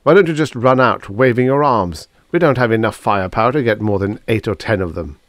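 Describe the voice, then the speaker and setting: A man's voice: on the low side, brisk, no room sound, pitched above the performer's own voice, lightly acted. A man doing a dry sarcastic spacer.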